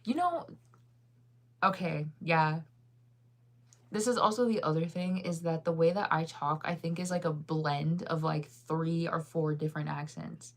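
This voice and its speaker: A woman in her thirties with a faint Midwestern American accent, chatting casually with viewers in a rambling way, full of fillers and laughter. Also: sits low. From United States. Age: 30s. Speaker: streamer answering viewer chat. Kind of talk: casual chat.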